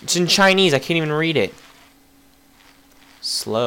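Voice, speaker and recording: Excitable young man gaming, slow-spoken. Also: mid-range voice, noisy background. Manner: excitable, yelps and shouts at in-game deaths, apologizes to characters. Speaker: gameplay commentator. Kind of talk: casual gaming commentary.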